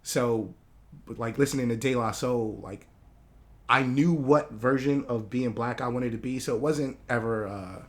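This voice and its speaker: A man's voice: medium pitch, moderate pace. A man who grew up in Hawaii, a podcast guest talking casually and reflectively, often searching for his words. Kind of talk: casual conversation.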